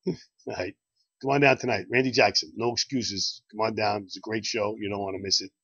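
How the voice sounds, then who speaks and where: A man's voice: on the low side, steady tone, moderate pace, bright, forceful tone, slightly rough, no echo. A man hosting a bar's promo video, plugging events in a repetitive, folksy patter. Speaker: bar host promoting events. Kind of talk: casual promo talk and joke telling. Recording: dull lo-fi dry sound.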